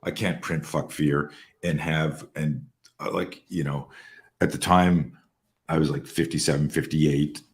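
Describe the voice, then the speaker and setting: A man in his sixties with a very low, deep voice tells stories as a podcast guest. His manner is casual, animated and full of swearing. He often doubles back and restarts his phrases. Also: measured pace. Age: 60s. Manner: profane, animated storyteller with many restarts. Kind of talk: casual storytelling.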